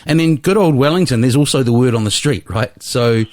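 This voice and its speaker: A New man hosting a podcast, jumping in casually with quick questions. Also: mid-range voice, animated, a little mellow, dry recording, studio quality. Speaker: podcast host. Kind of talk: interview questions.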